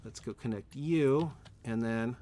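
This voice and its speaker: A man streaming a game from home thinks out loud, replying to chat and frequently correcting himself as he commentates live. His medium-pitched voice is unhurried and dark in tone, with a slight hiss or hum.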